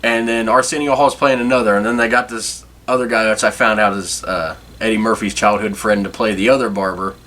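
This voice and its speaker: Fairly quick with hardly any pauses, this podcast host in his forties speaks in a fairly low, sharp-toned voice with fairly even intonation. He rambles nostalgically in casual conversation, chuckling often and catching and fixing his own words.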